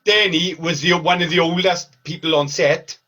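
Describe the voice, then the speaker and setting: Bright, high-voiced man retelling film scenes. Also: normal speed, distant mic. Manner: animated retelling of scenes, swearing. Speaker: podcast co-host. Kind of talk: casual chat reviewing a film.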